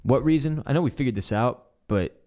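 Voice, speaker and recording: A man co-hosting a podcast, casually recapping a TV episode with lively retelling and bits of swearing. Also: mid-range voice, brisk. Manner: animated retelling, acts out character quotes, swears casually. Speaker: podcast co-host.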